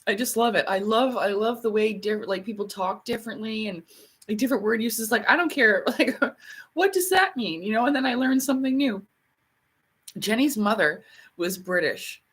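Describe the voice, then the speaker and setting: A woman's voice: fairly high pitch, expressive, moderate pace, fairly bright tone, husky. A woman chatting casually on a livestream, rambling and laughing often. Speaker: livestream host.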